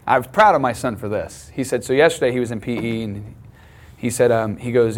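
A middle-aged man, a pastor, teaching a sermon in a conversational way, pushing his voice up on key lines. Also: a little fast. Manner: conversational, emphatic preaching with rising pitch on key lines.

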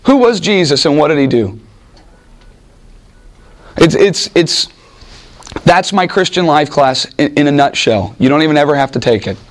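A man's voice: fairly high pitch, expressive, moderate pace, pauses often. Man preaching in a conversational way. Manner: conversational, acts out voices in Bible stories. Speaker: pastor. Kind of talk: sermon.

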